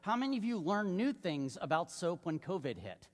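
A man's voice: sits high, very animated, moderate pace. Joking male pastor in a reverberant hall. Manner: conversational, joking, asks the congregation questions. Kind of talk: sermon. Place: church sanctuary. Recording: long reverb of a large hall.

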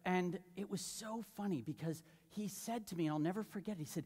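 A male pastor delivers a sermon in a relaxed, conversational manner, joking and asking the congregation questions. His voice sits slightly higher than most men's. The sound carries the long reverb of a large church sanctuary. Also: brisk, hardly any pauses, slightly rough.

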